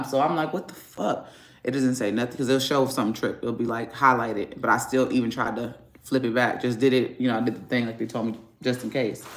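Standing in an echoing garage, a man who makes family vlogs lets loose a furious, rambling rant laced with profanity. His mid-range voice sounds a bit bright.

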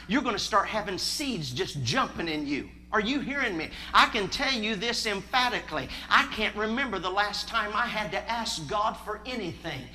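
Bright-voiced emphatic male preacher. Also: high-pitched, slight background noise. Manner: emphatic, calls for congregation responses. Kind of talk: sermon.

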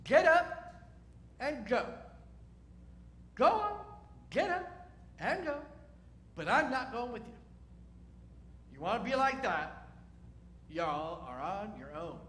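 A blunt, exasperated God speaks down to his people in a folksy, dismissive drawl. The voice sits high and bright. A man puts this voice on during a sermon, and the room carries a lot of echo. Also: sing-song, slow, long pauses, a little hiss or hum, full character voice.

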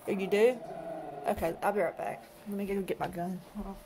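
A woman's voice: medium pitch, fairly even intonation, fairly quick, background noise. A woman, chatting casually to the camera in her bedroom and talking to her pets between rambling stories. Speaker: vlogger.

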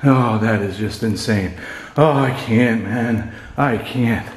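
A man's voice: mid-range voice, slow pace, slight background noise. Scared man in an echoey house. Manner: frightened, excitable, swearing, repeating himself. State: shaky and scared. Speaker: paranormal vlogger. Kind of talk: solo ghost-hunting vlog. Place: empty house indoors. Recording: echoey empty room.

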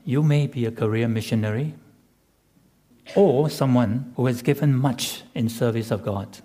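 A man preaching a sermon as pastor, measured and emphatic with rhetorical repetition. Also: mid-range voice, dark tone.

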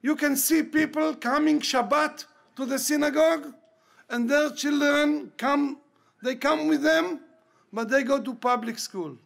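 Slow, high-voiced gravelly male preacher. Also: a bit bright. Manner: impassioned, repeats key words for emphasis. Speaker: rabbi. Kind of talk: storytelling sermon.

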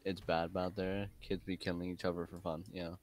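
Young male streamer, low voice, jokey and easily flustered. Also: little pitch movement, moderate pace, slight background noise. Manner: jokey, flustered, laughs a lot. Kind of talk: live gaming stream chat.

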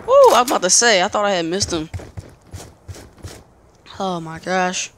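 A young man commentating his own gameplay, excitable, yelping and shouting in panic and repeating words rapidly. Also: high-pitched. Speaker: gamer. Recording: noisy game audio behind.

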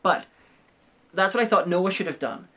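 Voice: medium pitch, sing-song, moderate pace, fairly bright tone, breathy edge. A co-host in a casual film review chat, explaining ideas at length with frequent restarts. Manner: rambling explanations with many restarts.

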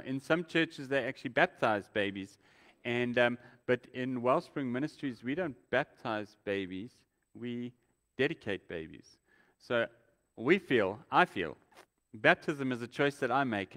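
A man's voice: medium pitch, fairly bright tone. A man, a pastor giving casual, welcoming church announcements and restarting his sentences often. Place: church sanctuary. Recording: long reverb in a large hall.

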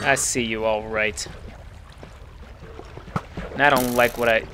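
A man commentating his own gameplay, chatty and easily exasperated, sometimes yelling at enemies. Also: medium pitch, steady tone, slow pace, long pauses, noisy background. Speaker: let's play gamer.

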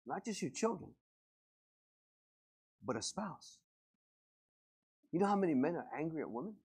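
A male pastor preaching a lively, joking sermon to a congregation and acting out everyday scenes. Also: on the high side, normal speed, breathy edge. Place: church service before a congregation.

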